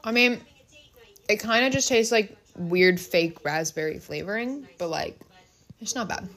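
A woman's voice: medium pitch, expressive, measured pace, fairly bright tone. A woman chatting offhandedly about food and snacks in a hotel room. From United States. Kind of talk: casual travel vlog chat.

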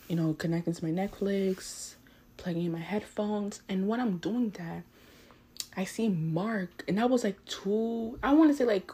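A teenage girl hosting a podcast, telling a story in a chatty, animated way full of fillers. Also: mid-range voice, slightly rough. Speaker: podcast host. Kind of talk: casual storytelling.

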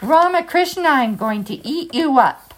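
A woman's voice: high voice, expressive, measured pace, pitched above the performer's own voice. A woman voicing a boastful, greedy male tiger in a children's story, speaking in a bossy, bullying way.

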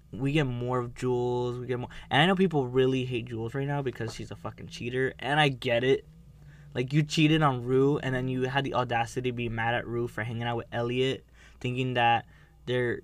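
A man hosting a casual podcast, talking in a rambling way with many fillers. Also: mid-range voice. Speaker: podcast host. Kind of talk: casual chat.

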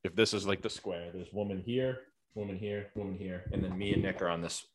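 A man's voice: low voice, steady tone, fairly quick, noisy background. A man who works as a teacher, telling a casual story with lots of fillers and the odd swear word. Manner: rambling, filler-heavy, profane.

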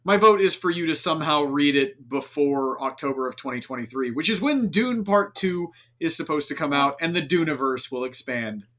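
A man's voice: on the high side, expressive, normal speed, few pauses, fairly bright tone. Guy hosting a podcast, rambly, lots of likes and ums, just chatting. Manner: rambling, filler-heavy, self-interrupting. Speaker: podcast host. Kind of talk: casual podcast chat.

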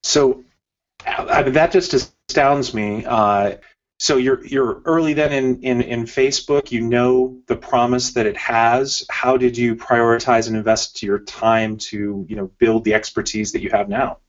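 A man's voice: medium pitch, steady tone, unhurried. A man co-hosting a podcast, asking open-ended interview questions in a hesitant way with fillers and restarts. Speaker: podcast co-host. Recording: slightly dull audio.

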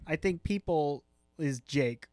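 A man's voice: on the high side, slow pace, darkish tone, no room sound, clean studio sound. A man co-hosting a casual sports podcast, teasing his partner in playful banter. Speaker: podcast co-host.

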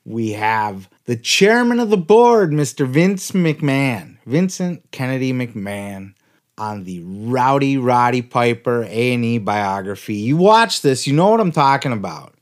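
A man hosting a comedy podcast, swearing freely and ranting with excitable outbursts. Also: mid-range voice, measured pace. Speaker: podcast host. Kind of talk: comic podcast rant.

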